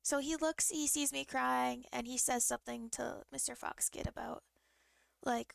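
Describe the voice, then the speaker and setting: A woman's voice: high-pitched, steady tone, moderate pace, creaky, no room sound, studio quality. A young woman streamer telling a story in a casual, rambling way, full of fillers and restarts and vivid, emotional retelling.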